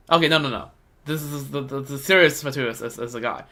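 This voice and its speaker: A man's voice: medium pitch, a little fast, bright, forceful tone. A young man rambling casually while he plays a game, often stammering and repeating words. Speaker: streamer playing a game. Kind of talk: casual gameplay commentary.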